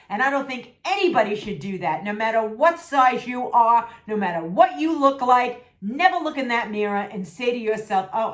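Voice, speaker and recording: A middle-aged woman vents to her followers in a casual vlog, sassy and emphatic, repeating herself to drive each point home. Her voice sits at a middle pitch and sounds a bit worn, as if she is losing it. The room around her is noticeably echoey. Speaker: vlogger. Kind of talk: candid venting vlog.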